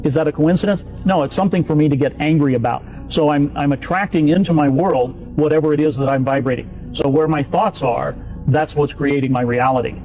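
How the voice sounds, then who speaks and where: A man in an old video clip calmly explaining an idea step by step with everyday examples. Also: on the high side, a little fast, soft background music, rough recording. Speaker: motivational speaker in an old clip. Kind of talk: explanatory talk.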